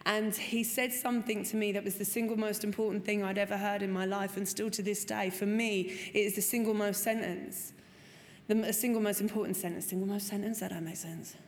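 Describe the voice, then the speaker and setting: A woman's voice: mid-range voice, steady tone, fairly quick. A woman, telling her recovery story frankly and expressively, swearing and acting out what people said. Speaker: speaker sharing a recovery story. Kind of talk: personal testimony talk. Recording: long hall reverb, faint room noise.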